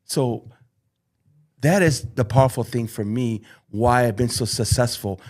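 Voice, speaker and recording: A man's voice: medium pitch, a little slow. A man speaking as a podcast guest and youth football coach. He tells personal stories earnestly and emotionally, often stopping to repeat and restart his phrases.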